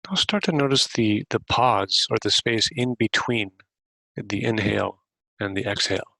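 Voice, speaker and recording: A man hosting a podcast, gently guiding a breathing meditation with unhurried questions to the listener. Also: on the low side, gravelly, dry recording, poor audio. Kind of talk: guided meditation.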